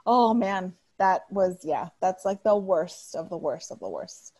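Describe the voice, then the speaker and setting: A woman in her thirties co-hosting a casual chat, blunt and animated as she tells stories, swearing freely. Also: fairly low pitch, unhurried. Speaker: podcast co-host.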